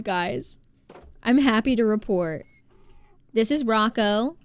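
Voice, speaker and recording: A fairly high, clean-toned voice belongs to a New Jersey woman live streaming her gameplay, recorded dry. She keeps things casual, reading and thanking her chat and exclaiming easily.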